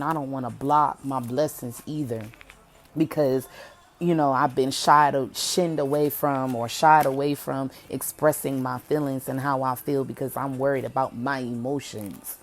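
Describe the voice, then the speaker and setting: A woman hosting her own talk show, speaking casually and candidly, giving emphatic motivational advice with repeated phrases. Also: rumbling low. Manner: candid, preachy, conversational with emphatic repetitions. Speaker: podcast host.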